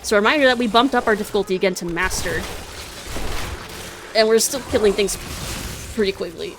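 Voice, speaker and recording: A woman's voice: mid-range voice, a little fast, background noise. A young woman streaming a video game, chatting casually and giggling often as she rambles and corrects herself. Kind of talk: casual gaming commentary.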